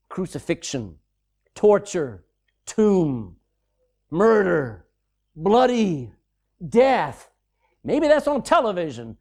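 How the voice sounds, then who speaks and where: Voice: medium pitch, darkish tone. A preacher giving a sermon, reading scripture aloud and explaining it in a conversational, folksy way.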